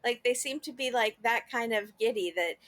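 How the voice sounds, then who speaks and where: A woman's voice: a little high, moderate pace, a bit bright. A woman guesting on a podcast, trading wry, jokey remarks in casual chat.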